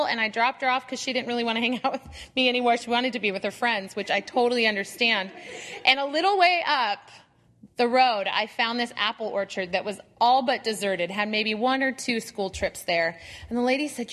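A woman's slightly high voice fills a large hall as she, somewhere in her thirties or forties, tells her Bible study group an amusing story about herself. Animated and self-deprecating, she dramatizes her own grumbling and asides.

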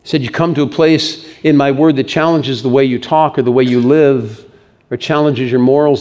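A man preaching a sermon, animated, swinging between raised emphasis and hushed delivery. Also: medium pitch, moderate pace. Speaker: pastor.

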